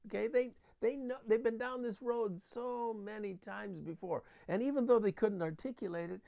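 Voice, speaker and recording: Gravelly man teaching parents. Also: sits high, darkish tone. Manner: earnest, explaining with everyday examples. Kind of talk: parenting talk with Bible verses.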